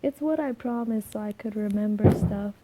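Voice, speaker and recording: A soft-spoken young woman with a slightly scratchy voice, rambling through a casual vlog with many fillers and restarts. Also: medium pitch, normal speed. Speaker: vlogger.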